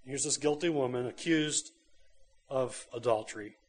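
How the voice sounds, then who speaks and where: A man's voice: mid-range voice, normal speed, slightly rough. A man giving a sermon as a pastor. He is emphatic, repeats his points and keeps asking his listeners rhetorical questions.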